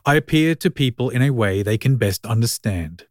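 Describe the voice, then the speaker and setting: A man's voice: medium pitch, lively intonation, normal speed, no room sound, natural voice. A man voicing God speaking through an old vending machine, with a dry, impatient, lordly manner.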